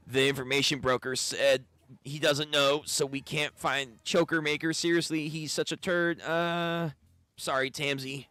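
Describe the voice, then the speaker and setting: A man reading a manga aloud and reacting bluntly with profane, animated comments. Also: fairly high pitch, unhurried, clean tone, no echo.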